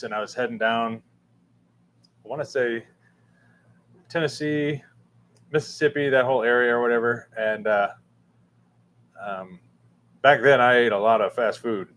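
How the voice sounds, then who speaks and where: A man's voice: mid-range voice, fairly bright tone. A man hosting a casual livestream, reading chat and rambling with many fillers and restarts. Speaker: livestream host answering chat. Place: room with a fan running.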